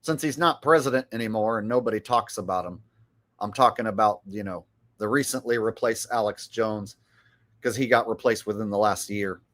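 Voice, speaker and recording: A man's voice: fairly low pitch, normal speed, fairly bright tone. A middle-aged man giving rambling, mocking commentary on his live stream. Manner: rambling, mocking, with filler words.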